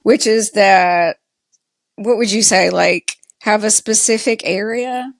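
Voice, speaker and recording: A woman with a Southern US accent talks slowly and loosely, stringing her thoughts together with "like" as she recaps a show. The recording is dry and close, with no room sound. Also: mid-range voice, creaky, no room sound. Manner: slow, chatty, lots of "like" fillers. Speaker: podcast co-host. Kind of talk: casual TV recap chat.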